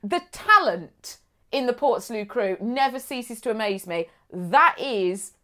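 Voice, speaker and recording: A woman co-hosting a podcast at home, reading listener mail warmly and laughing often. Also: on the high side, animated, a little slow. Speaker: podcast co-host.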